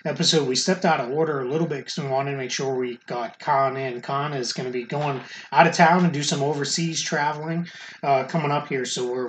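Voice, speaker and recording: A man's voice: medium pitch, a little hiss or hum. A man from the Boston area hosting a podcast in a loose, conversational way with frequent restarts. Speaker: podcast host. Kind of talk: casual podcast talk.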